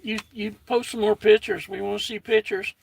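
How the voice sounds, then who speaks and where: Here a high-pitched, gravelly, breathy voice moves little in pitch and keeps a normal speed. It belongs to an older American man casually running his own livestream, folksy in manner, reading viewer comments aloud and friendly toward chat.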